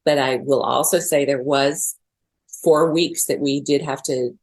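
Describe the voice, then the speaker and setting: Low husky-voiced middle-aged woman guest. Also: steady tone, a little slow, a little mellow. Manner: emotional, earnest, tearful at times. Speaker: podcast guest. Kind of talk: interview conversation.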